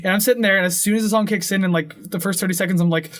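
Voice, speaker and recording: A young man with a somewhat high voice reviews music in casual chat. He hedges constantly and wanders through his points with plenty of fillers. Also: fairly even intonation, rapid-fire, a bit bright. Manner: rambling, hedging with many fillers. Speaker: podcast co-host.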